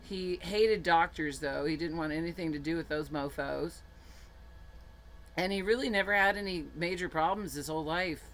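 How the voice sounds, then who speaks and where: A woman's voice: deep voice, normal speed, a bit bright. A woman telling a personal story in a frank, chatty way, laughing often and swearing casually.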